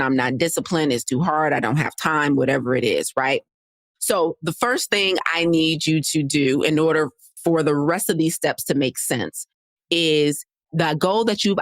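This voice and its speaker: A woman with a low-sitting voice teaches listeners in a solo podcast, coaching conversationally. She repeats key points and often checks in with "right?" The clean studio recording has no echo.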